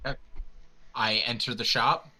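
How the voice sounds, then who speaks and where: A man's voice: mid-range voice, steady tone, normal speed, sharp tone. A man playing in a tabletop game, talking in a hesitant, casual way. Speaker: player.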